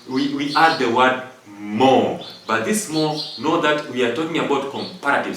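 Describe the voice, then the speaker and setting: A man's voice: on the high side, a bit bright. A man teaching an English grammar lesson, going step by step through rules and repeating them with examples. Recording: echoey room from far off.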